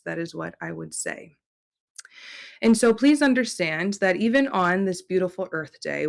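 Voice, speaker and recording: A woman channeling a serene ancient Earth mother spirit, speaking in slow, measured, solemn pronouncements. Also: lowish voice. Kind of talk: spoken channeling.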